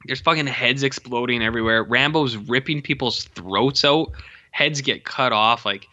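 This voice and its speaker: Animated man with a bright, sharp voice. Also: mid-range voice, normal speed, highs cut off. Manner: animated, profane, acts out film lines in funny voices. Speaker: podcast co-host. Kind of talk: casual movie chat.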